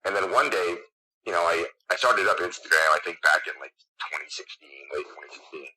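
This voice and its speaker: A man who is a guest on a podcast, excitedly telling a long story with lots of fillers. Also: low-pitched, brisk, breathy edge, rough recording. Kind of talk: casual interview chat.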